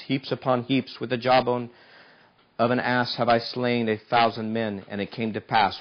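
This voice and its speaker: A man preaching a sermon, retelling a Bible story with animated, rising emotion and acted-out pleas. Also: lo-fi sound. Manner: animated, voice climbing high when acting out Samson's pleas.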